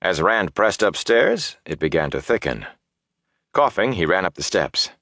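A man narrating a fantasy audiobook in a steady, measured storytelling voice. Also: sits low, no echo, clean studio sound.

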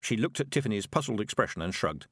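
A man's voice: lowish voice, big pitch swings, fast talker, fairly bright tone, breathy edge, dry recording. Man narrating an audiobook, dry sound.

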